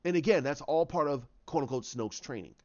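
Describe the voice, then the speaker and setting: A man giving casual commentary on films, rambling and animated, acting out scenes in voices. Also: mid-range voice, fairly quick, highs cut off. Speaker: YouTube commentator.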